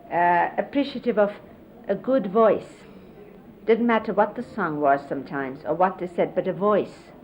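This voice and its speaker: A middle-aged woman with a mid-range voice looks back on her spiritual teacher as a disciple, chatting in a relaxed storytelling style peppered with fillers. She walks through hand gestures, and the sound is dull 1970s videotape with a faint hiss.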